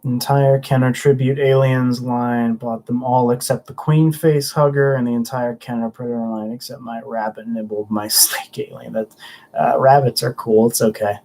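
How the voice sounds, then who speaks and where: His delivery is flat, at a moderate pace, with a mid-range, darkish tone. The young man is hosting a casual livestream, rambling and chatting as he answers viewers, frequently stumbling and starting over.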